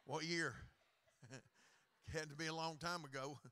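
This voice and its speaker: A middle-aged man with a Southern accent, preaching a Pentecostal revival sermon in a folksy, joking way that rises to loud preaching. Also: a little high, fairly even intonation, measured pace, clean tone. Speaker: guest preacher.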